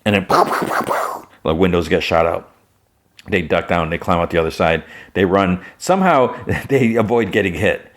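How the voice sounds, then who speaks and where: Low-voiced man casually recapping a show. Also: expressive, moderate pace, fairly bright tone. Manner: rambling, full of "like" fillers and restarts. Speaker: podcast host.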